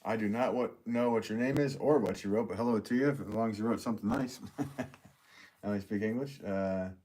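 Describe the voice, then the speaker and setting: A man's voice: on the low side, a little fast, darkish tone. A man hosting a live pottery stream from his studio, rambling and joking as he reads out viewer comments while he works. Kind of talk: casual live-stream chat.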